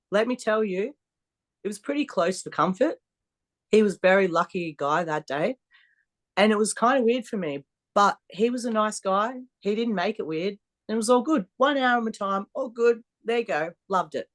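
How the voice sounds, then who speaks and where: Speaking at medium pitch and a moderate pace, a female strongwoman competitor appears as a podcast guest. She's blunt and animated, swearing her way through casual interview stories.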